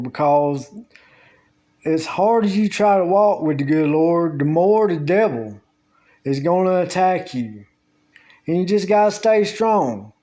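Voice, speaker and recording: A man vlogs from home, door open, slowly drawling through a rambling tale of his day with Southern US grammar. His voice is on the high side and mellow.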